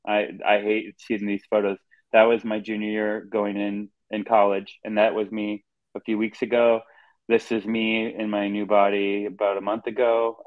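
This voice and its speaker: Man, 30s, low monotone guest, emotional and sincere, muffled dry recording. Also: no room sound. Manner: heartfelt, emotional. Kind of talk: candid personal talk. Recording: dull dry lo-fi audio.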